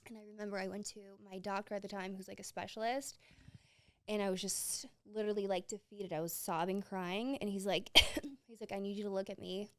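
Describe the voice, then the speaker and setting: A woman's voice: medium pitch, fairly even intonation, normal speed, bright, forceful tone. Young woman, podcast host, candid storytelling, emotional, lots of fillers.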